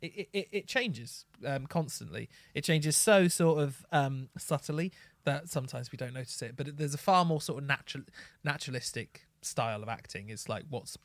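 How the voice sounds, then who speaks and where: A man's voice: medium pitch, expressive, moderate pace, no room sound. A man co-hosting a podcast, reflecting in casual chat with asides and fillers. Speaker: podcast co-host.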